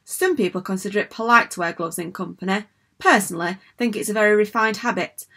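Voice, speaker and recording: A woman's voice: medium pitch, fast, a bit bright. A woman voicing a strict, prim female school principal in a storybook reading, scolding in a proper tone.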